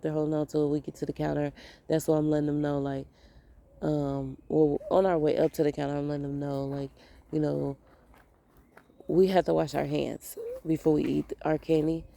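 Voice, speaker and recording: Gravelly low-voiced woman telling a story. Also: mellow. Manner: rambling, repeats phrases, quotes people in voices. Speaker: mother of young kids. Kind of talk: casual storytelling vlog.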